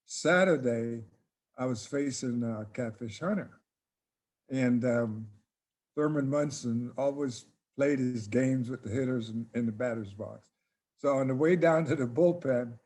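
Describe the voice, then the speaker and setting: A man's voice: medium pitch, measured pace. Older guy spinning a laid-back story, plays out the back-and-forth in conversation. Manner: relaxed anecdotal telling, reenacts dialogue with "I says". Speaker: interview guest, former ballplayer. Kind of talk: casual storytelling.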